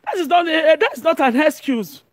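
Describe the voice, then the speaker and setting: A Nigerian woman from Edo giving an animated monologue as an online commentator, excitable and often shouting and laughing. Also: high-pitched, a little fast, no echo, studio quality.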